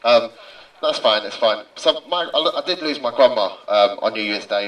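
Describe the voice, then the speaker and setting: A male psychiatric nurse hosting a rally, speaking haltingly and emotionally. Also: mid-range voice, lively intonation, fairly bright tone, echoey room, recorded from a distance, poor audio. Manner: emotional, halting, holding back tears. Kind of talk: rally speech and speaker introductions. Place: outdoor street rally.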